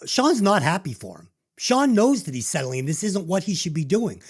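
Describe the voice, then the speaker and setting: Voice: mid-range voice, very animated, moderate pace, slightly rough. This is a podcast co-host talking through a film in loose, casual chat. The voice moves up and down a lot and sounds moved and choked up, with plenty of casual swearing. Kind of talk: casual movie review chat.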